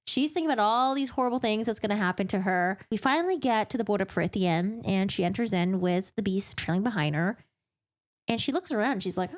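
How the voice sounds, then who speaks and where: A woman recapping a fantasy novel in a chatty, animated way, interrupting herself and laughing often. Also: mid-range voice, fast talker. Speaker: streamer recapping a book. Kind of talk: casual book recap.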